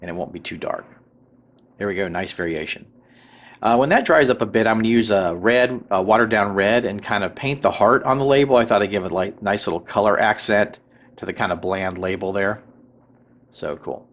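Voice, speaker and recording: A man hosting a tabletop crafting tutorial, talking through each step in a relaxed way with many fillers and little check-ins. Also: fairly low pitch, fairly quick. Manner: relaxed, filler-heavy, checks in with "right?" and "okay?". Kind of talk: casual craft tutorial voice-over.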